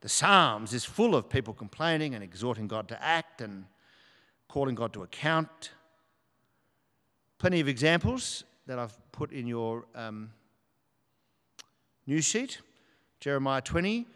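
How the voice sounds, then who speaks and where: A man delivers an earnest sermon, reading scripture aloud with strong emphasis. His voice sits at a medium pitch. It rings out with a long reverb in a church hall. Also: animated, normal speed, long pauses, fairly bright tone. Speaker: preacher.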